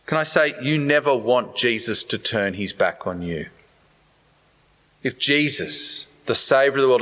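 A man preaching a sermon in an animated, conversational way, turning often to talk straight to his listeners. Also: mid-range voice. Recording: long hall reverb.

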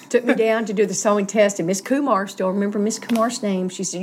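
Middle-aged woman telling her story, plain and earnest, bit halting, faint hiss behind. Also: medium pitch. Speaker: guest sharing recovery story. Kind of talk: personal testimony, casual storytelling.

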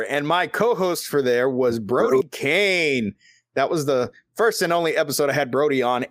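A man's voice: a little high, no room sound. A man hosting a podcast in casual chat, telling stories loosely with lots of swearing and filler words. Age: adult father. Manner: loose and profane, full of fillers. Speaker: podcast host.

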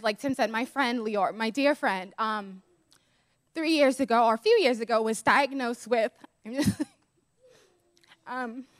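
A woman co-pastor sharing a personal story in a sermon, earnest and emotional, speaking in quick bursts. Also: a little high, no echo, clean studio sound.

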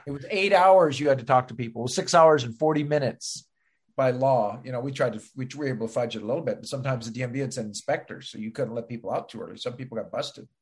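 A man's voice: medium pitch, fast talker, husky. A man, a comedian hosting a casual chat, teasing his guest and telling wisecracking stories. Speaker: stand-up comedian, host.

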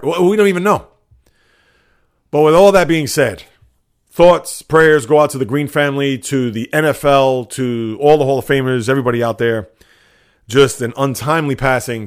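Man hosting a solo sports podcast. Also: medium pitch. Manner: conversational, opinionated, scolding at times. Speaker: podcast host.

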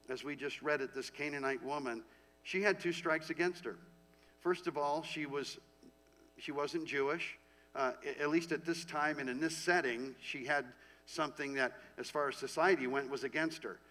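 A man's voice: mid-range voice, fairly bright tone, poor audio. A man, a pastor, giving a sermon, reading scripture aloud and speaking to the congregation with rhetorical questions.

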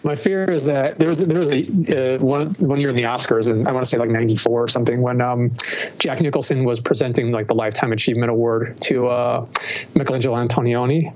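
A man's voice: mid-range voice, fairly even intonation, quick pace, a little mellow. A man talks loosely as a podcast guest, hedging with "I don't know" and "like". His voice comes through a slightly dull, lo-fi recording. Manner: hesitant, chatty, swears casually. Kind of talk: casual chat.

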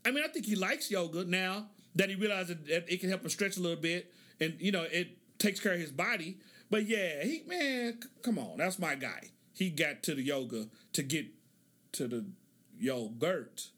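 A middle-aged podcast host with a high, fairly bright voice tells stories in a laid-back monologue at normal speed. He's animated, laughs often, and acts out what the people in his stories said.

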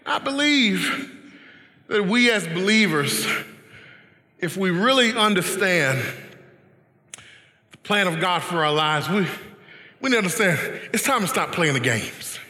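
A man preaching a sermon, emphatic, often rising to shouts and laughing. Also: sits high, expressive, a little slow, pauses often, reverberant, long reverb tail.

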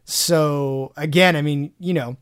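Upbeat man, higher voice. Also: fairly even intonation, slow pace, clean tone. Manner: enthusiastic, folksy, filler-heavy. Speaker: podcast co-host. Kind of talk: casual chat.

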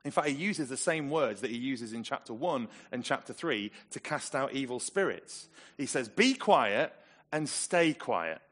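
A man from England preaching a sermon, telling the story with lively, dramatic emphasis. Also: medium pitch, moderate pace, hardly any pauses.

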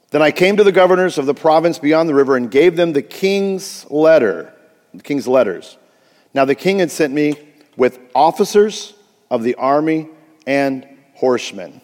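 A man's voice: fairly high pitch, darkish tone, in a large hall. A male pastor preaching a sermon, telling a story with frequent restarts and asides.

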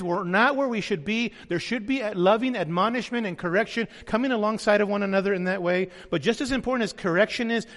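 A man's voice: high voice, fairly bright tone, in a large hall. A man preaching a sermon as pastor, earnest, sometimes voicing the people he quotes.

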